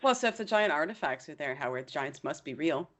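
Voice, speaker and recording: A woman's voice: low voice, animated, fast talker, fairly bright tone. A woman hosting a casual chat, playful and teasing with her guest. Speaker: host. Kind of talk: casual conversation.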